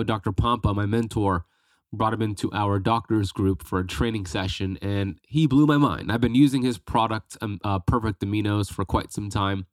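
A man's voice: lowish voice, no room sound. A man hosting a podcast, introducing the episode with enthusiasm while congested from a head cold. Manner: enthusiastic, upbeat. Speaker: podcast host.

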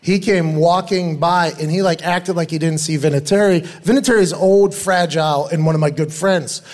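Guest storyteller: middle-aged man, animated and profane, slightly high voice. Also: normal speed. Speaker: guest, former football player. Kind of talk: casual storytelling.

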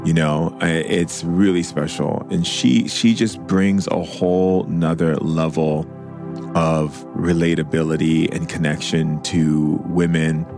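A man's voice: extremely low pitch, flat delivery, slow pace, gravelly, over music. A man hosting a podcast, closing an interview with effusive, gushing praise for his guest. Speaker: podcast host. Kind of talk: warm interview wrap-up.

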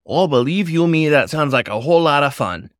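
A folksy old timberwolf politician, as a male narrator puts him on talks in a jovial, chummy way, louder and higher than plain narration. This storybook figure is overbearing but friendly on the surface. The sound is dry and close. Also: sing-song, moderate pace, clear, resonant tone, no room sound. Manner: chummy, hearty, raised voice. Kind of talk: storybook character voice.

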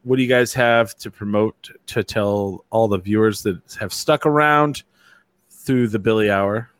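A man's voice: on the low side, unhurried, clear, resonant tone, no echo. A man hosting a casual chat show, joking and teasing his guests. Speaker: show host.

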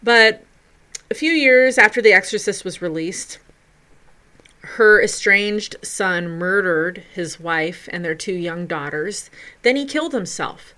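A woman hosting a video, narrating film trivia in a chatty, expressive way with loud bursts for emphasis. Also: mid-range voice, slow pace. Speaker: video host.

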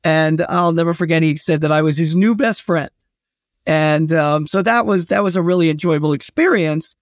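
A man, a historian and guest, telling anecdotes in a relaxed interview, with many fillers and restarts. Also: a little high, moderate pace, dry recording, studio quality. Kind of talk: casual storytelling interview.

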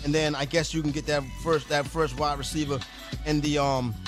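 A man hosting a fantasy football call-in show, quick and upbeat, steering the panel. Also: a little high, fairly even intonation, over music. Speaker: radio show host.

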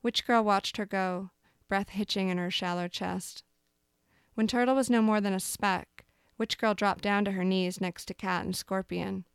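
A woman calmly reading aloud a dark fable, as storyteller. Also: medium pitch, normal speed, clear, resonant tone, dry recording, clean studio sound.

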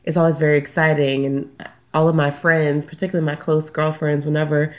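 A woman's voice: low-pitched, level tone, brisk. A woman with a Southern US accent hosting her own podcast in casual chat, slightly stuffy from a recent sinus infection, with frequent "um"s. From Louisiana, US. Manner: chatty, many "um" fillers. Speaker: podcast host and counselor. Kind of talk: casual solo podcast talk.

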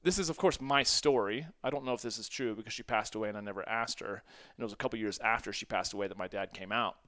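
A man's voice: lowish voice, quick pace, sharp tone. A man in his forties hosting a solo podcast, talking casually and self-deprecatingly, often laughing between phrases. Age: 40s. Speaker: podcast host.

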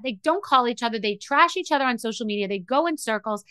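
A woman's voice: fairly high pitch, expressive, fast talker, few pauses, pushed and bright, smooth, no echo. A middle-aged woman hosting a podcast, telling a personal story in an emotional, rambling way with many restarts. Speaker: podcast host. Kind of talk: candid monologue.

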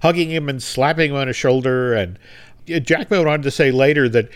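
A man's voice: medium pitch, a little fast. A man co-hosting a podcast, casually retelling a behind-the-scenes anecdote and briefly acting out the quoted lines. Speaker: podcast co-host. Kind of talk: casual storytelling chat.

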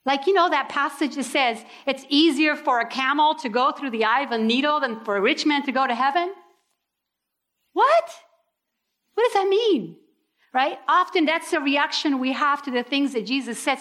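High-voiced animated woman preaching. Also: moderate pace, hardly any pauses. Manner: animated, acts out quoted reactions with sudden pitch leaps. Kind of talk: sermon.

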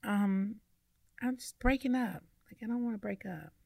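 A middle-aged woman with a gravelly, mid-pitched voice talks through a casual podcast chat. She drawls and acts out her own reactions as she goes. The recording is close and dry. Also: normal speed, mellow, no echo. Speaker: podcast co-host.

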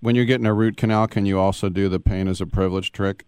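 A man's voice: sits low, fairly even intonation, fast talker, darkish tone, clear, resonant tone, dry recording. A male radio host asking playful, joking questions in an interview.

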